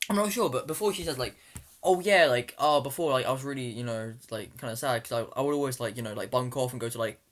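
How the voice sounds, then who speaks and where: A man's voice: mid-range voice, very fast, few pauses. A young man co-hosting a podcast in casual chat, hesitant and full of fillers. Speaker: podcast co-host.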